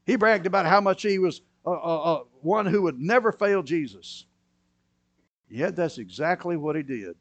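A man preaching a sermon, moving between quiet, low asides and loud, emphatic bursts. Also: expressive, normal speed, no echo, dull audio. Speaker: pastor.

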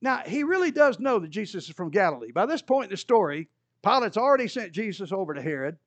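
Very animated and fast, a male pastor retells scripture as a narrative, voicing each person in it with climbing pitch. The recording has no echo but its highs are cut off.

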